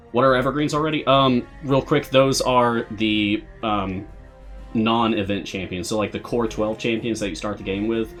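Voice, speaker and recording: A man's voice: fairly low pitch, unhurried, long pauses, faint music behind. A man hosting a live game stream, chatting casually and answering viewer questions with frequent laughs. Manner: relaxed, chatty, laughs often.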